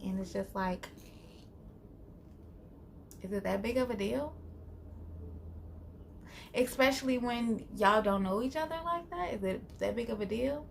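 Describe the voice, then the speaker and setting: A woman's voice: on the high side, a little slow, creaky, long pauses, a little hiss or hum. A woman hosting her own channel, recapping a reality TV episode in a casual, opinionated way with lots of fillers. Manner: animated, opinionated, filler-heavy. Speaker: channel host.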